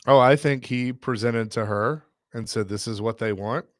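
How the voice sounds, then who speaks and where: A man hosting a sports radio show, telling stories in a casual, animated way. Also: medium pitch, moderate pace, no room sound, studio quality. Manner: storytelling, animated retelling with laughs.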